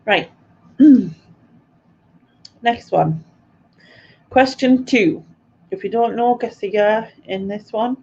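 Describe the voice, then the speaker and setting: A woman's voice: mid-range voice, extremely slow, pauses often, dark tone, husky. A woman hosting a live quiz stream in a chatty, giggly way, reading out viewers' answers. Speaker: quiz host. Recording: dull lo-fi stream audio with faint ambience.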